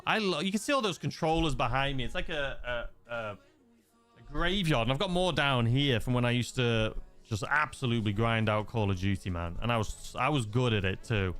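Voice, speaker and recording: A man's voice: medium pitch, lively intonation, normal speed, a bit bright, faint music behind. A young man from England with a mixed, slightly Scouse-leaning accent, chatting casually as a gaming livestream host, rambling with many fillers and restarts. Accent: mixed English, slightly Scouse-leaning. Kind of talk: casual livestream chat reading viewer messages.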